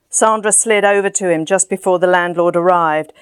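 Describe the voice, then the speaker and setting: A woman narrating a first-person story in an even, measured way. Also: fairly low pitch, clean tone, no echo, studio quality. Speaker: audiobook narrator.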